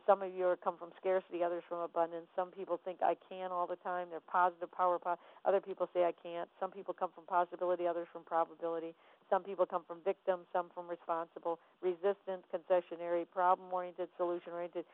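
A woman's voice: fairly low pitch, no echo. Woman motivational speaker, emphatic, repeats herself for effect; tinny, phone-like, dry sound. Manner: emphatic, repeats phrases, acts out dialogue. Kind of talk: motivational talk.

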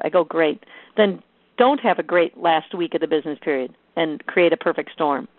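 A woman coaching a sales team, energetic and emphatic, repeating her key points. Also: fairly low pitch, a little fast, no echo. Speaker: sales trainer. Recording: tinny phone-like line, dry.

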